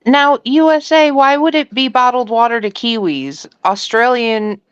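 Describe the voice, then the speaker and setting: A woman hosting a casual stream chat, teasing the others with quick questions. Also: fairly high pitch, smooth, no echo. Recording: dull lo-fi mic.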